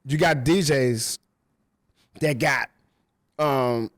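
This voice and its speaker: Male radio DJ guest, mid-pitched, slangy casual storyteller, dry recording. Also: drawn-out words, fairly bright tone, dry recording. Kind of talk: casual chat. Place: rooftop venue.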